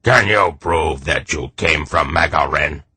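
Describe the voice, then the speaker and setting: A pompous little army captain, suspicious and smug, barking short clipped questions, as a man reads him. The voice sits very low with a husky edge and a bright bite, recorded dry and close. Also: a little slow, dry recording, heavily acted.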